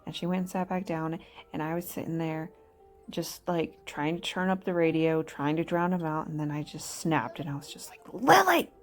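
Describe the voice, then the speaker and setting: A woman's voice: sits low, level tone, moderate pace, darkish tone, soft background music. A woman in her thirties, a mother chatting casually over her video, rambling and laughing often at herself. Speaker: mother vlogger.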